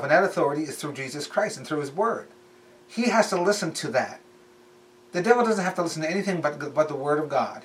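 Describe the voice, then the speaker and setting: A man's voice: a little high, a bit bright, far from the mic. A man preaching in a casual, conversational way, repeating phrases for emphasis. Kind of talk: sermon.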